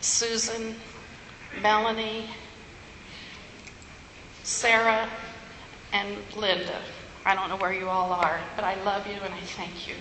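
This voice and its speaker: A woman's voice: medium pitch, flat delivery, takes it slowly, pauses often, bright, forceful tone. An older woman giving a chatty farewell speech as a ministry leader, laughing at her own jokes. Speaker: outgoing women's ministry leader. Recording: echoey hall with noise.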